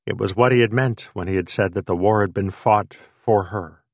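A man narrating an audiobook in unhurried, lyrical phrasing. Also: fairly low pitch, no echo, studio quality.

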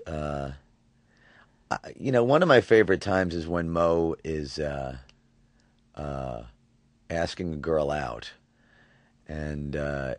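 A man around forty, a voice actor talking in an interview, halting and restarting his words often. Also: rumbling low, no room sound. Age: 40s. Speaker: voice actor guest. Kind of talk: relaxed interview talk.

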